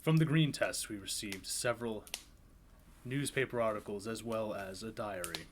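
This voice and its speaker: Male live horror reader, low-voiced, steady and sober. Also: moderate pace, a little hiss or hum. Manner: steady, sober read with occasional asides. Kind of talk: live reading of horror fiction.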